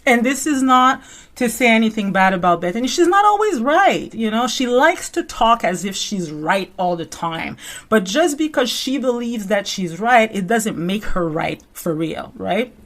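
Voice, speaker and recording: A woman's voice: a little high, moderate pace. A woman hosting casual commentary, talking in a loose, rambling way full of fillers and asides. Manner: rambling and conversational, full of "you know" and "like"; animated storyteller who acts out quotes. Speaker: reality TV commentary host.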